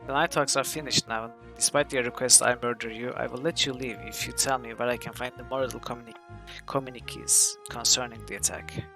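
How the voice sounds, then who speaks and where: A man's voice: mid-range voice, fairly even intonation, fairly quick, vocal fry, over music, natural voice. A man reading aloud the lines of a bold young male thief hero in a game, in a plain, earnest way.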